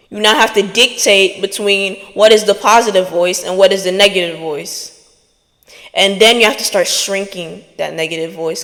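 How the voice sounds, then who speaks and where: A woman's voice: medium pitch, fairly bright tone, in a large hall. A woman hosting a podcast, giving an earnest motivational talk straight to her listeners. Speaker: podcast host.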